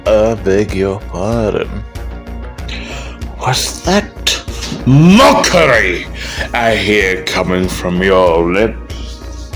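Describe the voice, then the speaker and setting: A man's voice: on the low side, lively intonation, very slow, long pauses, a bit bright, soft background music, full character voice. A man voicing a pompous, menacing male emperor who threatens his host. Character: pompous tyrant emperor, middle-aged man.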